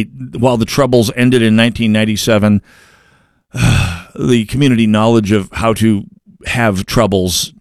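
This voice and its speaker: A man's voice: on the low side, dry recording, clean studio sound. A male commentator delivering an opinionated monologue, sardonic in tone and prone to stammered restarts.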